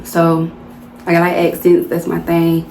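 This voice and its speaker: A woman's voice: lowish voice, completely flat delivery, a little slow, a little mellow. Chatty Southern woman vlogging in a roomy space. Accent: Southern American. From Southern United States. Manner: chatty, slangy, addresses viewers as y'all. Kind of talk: casual chit-chat vlog. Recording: roomy home recording with faint background noise.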